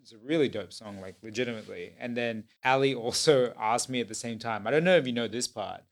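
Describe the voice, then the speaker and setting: A male podcast host telling a story in a loose, rambling way. His talk is full of fillers and restarts. His voice sits at an average pitch for a man. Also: fast talker. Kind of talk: casual podcast chat.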